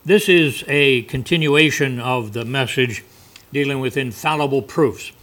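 A man's voice: medium pitch, measured pace, a bit bright. A male preacher giving a folksy, conversational sermon with asides.

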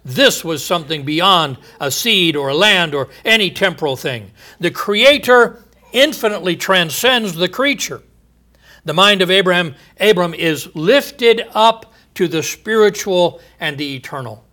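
A man preaching a sermon, building to emphatic, drawn-out phrases and dropping to a quiet low voice at the ends of thoughts, with short chuckles between points. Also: lively intonation. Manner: emphatic, stretching key phrases with rising volume.

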